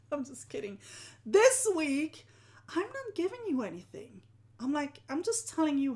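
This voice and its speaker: A woman, a live-streaming art journaling teacher who often sinks into a soft whisper and laughs at herself. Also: sits high, big pitch swings, a little slow. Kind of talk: live-stream talk to viewers.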